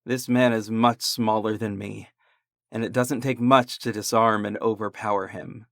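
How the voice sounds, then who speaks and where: A man narrating a horror story in a slow, deliberate, dramatic way. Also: fairly low pitch, fairly even intonation, vocal fry, dry recording, clean studio sound.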